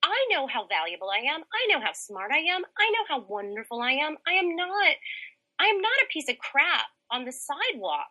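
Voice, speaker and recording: A woman in her thirties tells a personal story as a podcast guest, chatty and animated. Her pitch swings widely, and her voice is strikingly bright. She fills her speech with "like" as she goes. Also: fairly quick, highs cut off. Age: 30s. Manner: animated, chatty, heavy use of "like".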